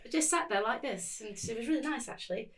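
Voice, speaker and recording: A woman's voice: on the high side, expressive, quick pace, crowd noise. A woman chatting casually as a podcast guest, rambling with lots of "like" and frequent laughter. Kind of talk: casual chat.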